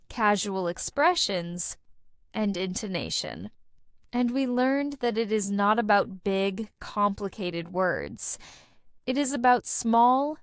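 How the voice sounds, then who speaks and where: A woman giving a scripted English lesson, speaking in a slow, deliberate teaching manner. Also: mid-range voice, clear, resonant tone, no room sound, studio quality. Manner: slow, deliberate teaching delivery with lively intonation.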